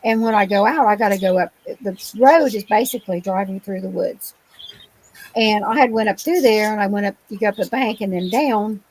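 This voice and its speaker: A woman's voice: mid-range voice, a little fast, a little mellow, a little hiss or hum, low-quality recording. A woman from Ohio, a guest in an interview, retelling her experiences in a rambling, vivid way full of fillers over a remote call microphone. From Ohio, USA. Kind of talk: casual storytelling interview.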